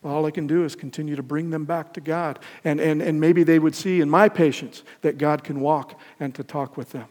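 An older man preaching a sermon, emphatic, swinging from loud peaks to soft lines and asking the congregation questions. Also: fairly high pitch, fairly even intonation, moderate pace, few pauses. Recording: long hall reverb.

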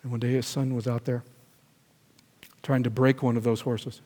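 A man's voice: mid-range voice, little pitch movement, moderate pace. A man preaching a sermon in a church, telling a parable and leading a prayer in an earnest voice. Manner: storytelling, earnest, then gentle prayer. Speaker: pastor. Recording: echoey hall reverb.

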